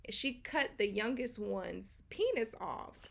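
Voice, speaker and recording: A woman co-hosting a casual chat podcast tells a story with lots of animation. Her voice sits a little high and carries a lot of gravelly fry. She fills the story with quoted back-and-forth, slangy fillers and side remarks to her listeners. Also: animated, measured pace, a bit bright. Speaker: podcast co-host.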